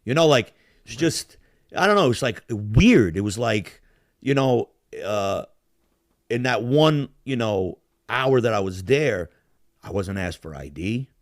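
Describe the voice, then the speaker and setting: Profane, animated male storyteller. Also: fairly low pitch, a little slow. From Yugoslav family roots. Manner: profane, animated storyteller acting out bar scenes. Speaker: podcast host. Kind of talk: casual storytelling chat.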